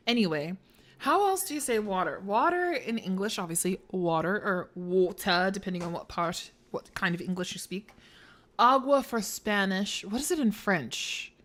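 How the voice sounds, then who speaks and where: A woman's voice: mid-range voice, lively intonation, measured pace, a bit bright. A woman streamer giving let's play commentary, thinking aloud through puzzles, swearing freely and joking around. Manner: playful, jokes between puzzles.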